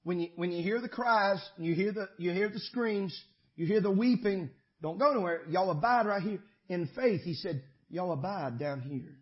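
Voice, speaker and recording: A man preaching a sermon as pastor, shifting between shouted climaxes and quiet conversational asides. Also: high-pitched, moderate pace, dull audio.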